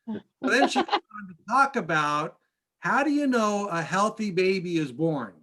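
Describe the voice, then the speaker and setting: Man, pastor, casual class storytelling, halting restarts, bright tone. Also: high-pitched, animated. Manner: chatty, halting with many restarts. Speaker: pastor teaching a church class.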